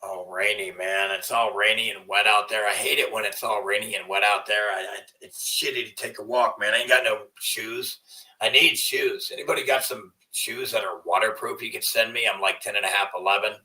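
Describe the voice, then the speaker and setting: Rambling, profane livestream host, bright voice. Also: male voice, lowish voice, fairly even intonation, brisk, distant mic, poor audio. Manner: rambling, profane, trailing off into mumbles. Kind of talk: casual livestream rant.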